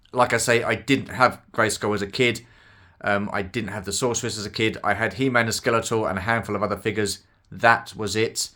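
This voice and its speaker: A man's voice: fairly low pitch, fairly bright tone. A middle-aged British man chatting casually about his toy collection, rambling and self-deprecating with plenty of fillers. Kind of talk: casual unboxing commentary.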